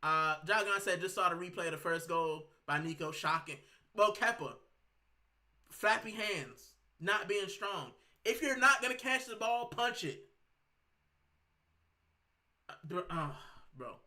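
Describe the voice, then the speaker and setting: A man's voice: sits high, expressive, unhurried, pauses often, sharp tone. A man hosting a fan channel, fuming and ranting heatedly while sick and straining his voice. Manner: fuming, ranting, repeats himself. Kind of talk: heated fan rant to camera.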